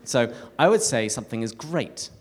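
A man with an English accent giving a live talk to an audience, telling stories with animated, self-mocking humour. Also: mid-range voice, normal speed, husky. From England. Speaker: speaker at a parish talk night. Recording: echoey hall reverb.

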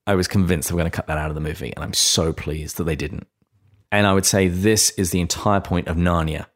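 A man's voice: low voice, fairly even intonation, brisk. A man hosting a casual book discussion podcast, earnestly retelling scenes and reading passages aloud. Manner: earnest, reads quotes with gentle emphasis. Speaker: podcast host.

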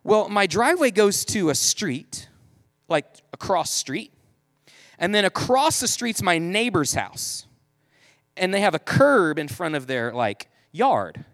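High-voiced man telling funny stories. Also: very animated, slow, a bit bright, dry recording. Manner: loose, chatty, self-mocking, heavy use of "like". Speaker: speaker telling a family story to an audience. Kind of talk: humorous storytelling talk.

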